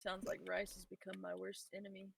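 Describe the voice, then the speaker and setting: A woman's voice: medium pitch, completely flat delivery, a little fast, gravelly, breathy edge, dry recording. A young adult woman in a casual gaming chat, playful and joking.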